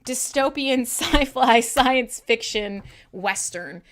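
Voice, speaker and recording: Woman, metal show host, casual live-stream chat, rambling and irreverent, bright, tense voice, slightly high. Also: animated, slow. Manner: talks to her dog in a soft coo.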